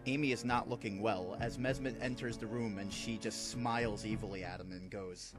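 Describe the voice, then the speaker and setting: A man's voice: fairly low pitch, steady tone, moderate pace, few pauses. Chatty man narrating a film idea. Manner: loose, chatty storytelling with fillers. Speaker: fan film creator. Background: background music.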